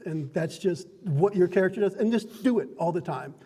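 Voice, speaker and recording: A man's voice: high-pitched, expressive, a little fast, warm tone, slightly rough, long reverb tail. A man acting as game master, explaining how to play a tabletop role-playing game in an upbeat, chatty way that often breaks into laughter. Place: card and game shop.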